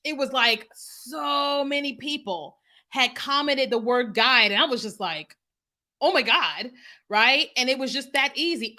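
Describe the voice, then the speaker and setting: A woman's voice: on the high side, bright, forceful tone. A woman business coach chatting casually with viewers on a livestream, often asking "you know what I mean?". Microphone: computer mic on a streaming setup.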